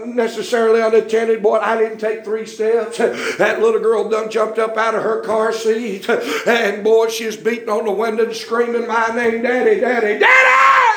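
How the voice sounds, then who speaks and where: Male preacher, middle-aged, high voice, folksy revival sermon with shouted peaks, roomy church sound.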